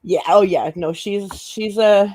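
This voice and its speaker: A woman's voice: mid-range voice, a little slow, mellow. A woman chatting as a panel guest on a livestream, teasing and laughing often, sometimes trailing off mid-thought. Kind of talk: casual chat.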